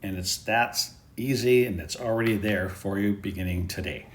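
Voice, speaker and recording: A man's voice: fairly low pitch, normal speed. A man giving an easygoing, step-by-step app tutorial. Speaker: app presenter. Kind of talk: screen-recorded app tutorial.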